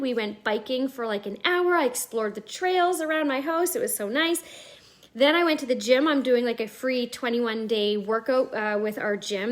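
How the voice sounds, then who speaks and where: Host, female, 30s, Nova Scotia accent, high-pitched, chatty and filler-heavy live-stream talk. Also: fairly bright tone. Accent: East Coast Canadian. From Nova Scotia, Canada. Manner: bubbly, chatty, rambling with many fillers. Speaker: network marketing host on a live video call. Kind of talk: casual live-stream chat. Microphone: video call.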